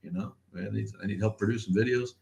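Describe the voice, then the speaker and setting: Lowish voiced guy hosting a livestream, rambly, laughs a lot, shouts out chat. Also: steady tone, quick pace, vocal fry. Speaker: livestream host.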